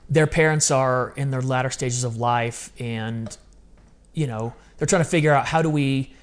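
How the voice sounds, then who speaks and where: A man speaking as a podcast guest in a candid interview, telling stories in an earnest, open, confessional way and often quoting what he once said. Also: mid-range voice. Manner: quotes his own past words in dialogue.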